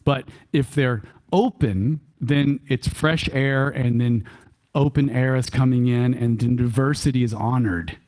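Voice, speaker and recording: A man with a Texan accent giving a church workshop talk, animated and folksy, chuckling often and repeating key phrases for emphasis. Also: medium pitch, unhurried. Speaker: workshop speaker. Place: church hall.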